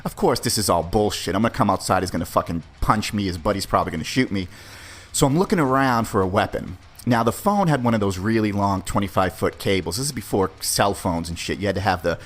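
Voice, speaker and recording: Low-voiced man telling a story casually. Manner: laid-back, profane, conversational. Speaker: podcast host.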